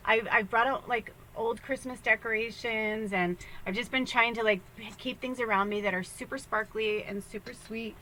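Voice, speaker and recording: A young woman gives a casual spiritual reading, hopping from one thought to the next and laughing along the way. Her voice is bright and forward, with a faint hiss of noise under it. She keeps a loose, chatty, rambling manner. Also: on the high side, steady tone, moderate pace, hardly any pauses, poor audio. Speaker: spiritual medium giving a tarot reading. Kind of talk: casual spiritual guidance talk.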